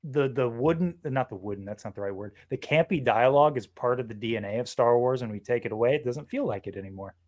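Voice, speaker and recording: A man's voice: medium pitch, fast, hardly any pauses, a little mellow. Man chatting casually with restarts. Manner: hesitant restarts, enthusiastic opinions. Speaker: co-host. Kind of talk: casual live stream chat.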